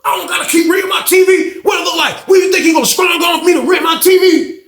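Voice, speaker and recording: A man voicing a furious older male inmate, yelling in a high strained voice. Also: steady tone, quick pace. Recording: roomy echo.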